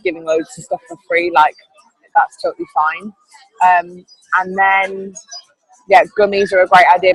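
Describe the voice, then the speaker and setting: A woman's voice: fairly low pitch, husky, no room sound, poor audio. A woman leading an online team training call, upbeat and encouraging, rambling with fillers. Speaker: team leader.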